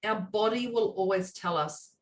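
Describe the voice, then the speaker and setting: A woman co-hosting a relaxed podcast chat, lively and expressive, slipping into quoted voices and laughing easily. She sits a little way back from the microphone, so her voice sounds slightly distant. Her pitch is middling for a woman. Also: normal speed. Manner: animated, acts out quoted voices, laughs often. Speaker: podcast co-host. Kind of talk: casual chat.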